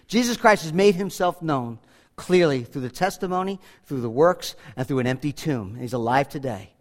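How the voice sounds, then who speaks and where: A male pastor preaching a sermon earnestly, swinging from loud appeals to hushed, quiet lines. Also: mid-range voice, very animated, moderate pace. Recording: long hall reverb.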